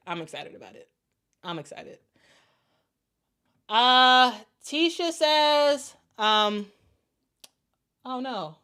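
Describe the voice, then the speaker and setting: A woman's voice: on the high side, pushed and bright. A woman hosting a casual sports live stream, talking loosely with fillers and restarts, using informal vernacular like "y'all". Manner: speaks informal Southern-style vernacular (y'all, I'ma, gon).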